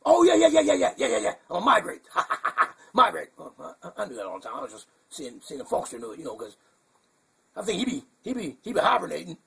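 A man's voice: sits high, very animated, quick pace, creaky, husky, exaggerated voice. A man voicing a goofy, confused male bird puppet who rambles in a muddled, chuckling way on a puppet comedy show. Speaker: hand puppet co-host.

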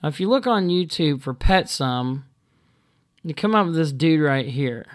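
A man talking to camera in a casual monologue, halting and full of ums and restarts, blunt and exasperated. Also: a little high, animated. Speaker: video blogger.

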